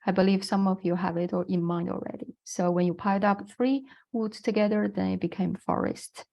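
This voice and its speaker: A woman's voice: medium pitch, fairly even intonation, brisk, creaky, a little mellow. A woman with a Chinese accent, a non-native English speaker, giving an online lecture on the Chinese language in a patient, explanatory way with frequent fillers.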